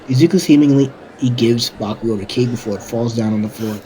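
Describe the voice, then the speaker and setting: A man's voice: medium pitch, fast talker, hardly any pauses, warm tone. Rambling male fan-story narrator. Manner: rambling, with restarts and self-corrections. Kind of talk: casual fan-fiction narration.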